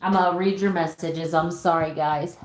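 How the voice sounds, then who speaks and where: In a reverberant room, a middle-aged woman hosts a livestream chat, her voice fairly low and her pace moderate with fairly even intonation. She reads viewer messages with heartfelt emotion, sighing frequently, using fillers, and offering warm greetings.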